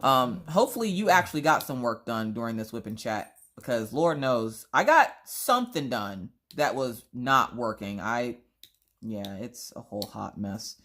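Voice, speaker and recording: A woman vlogger telling animated, theatrical stories in casual chat while she crafts. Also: very deep voice, normal speed.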